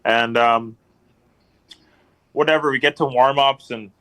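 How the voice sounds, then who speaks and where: A man's voice: medium pitch, steady tone, measured pace, pushed and bright. A man guest on a podcast, telling casual stories in a rambling way, full of ums and repeated phrases. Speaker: podcast guest, hockey enforcer. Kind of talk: casual storytelling chat.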